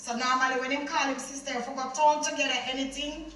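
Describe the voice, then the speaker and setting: A woman's voice: sits high, fast. A woman with a Jamaican accent telling a vivid personal story in an interview. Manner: animated, vivid retelling. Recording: echoey room, far from mic.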